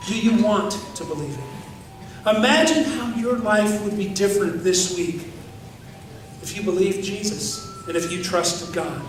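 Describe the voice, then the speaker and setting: A man's voice: high voice, animated, measured pace, over music. A man preaching a sermon as pastor, emphatic and repetitive, often asking the congregation questions. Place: church sanctuary. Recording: echoey church hall from far off.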